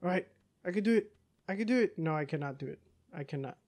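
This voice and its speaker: A man giving casual let's-play commentary, talking back to the game's characters, cursing and breaking into yells. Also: sits high, fast. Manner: excitable, curses, talks back to game characters, yells in bursts. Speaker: gaming YouTuber.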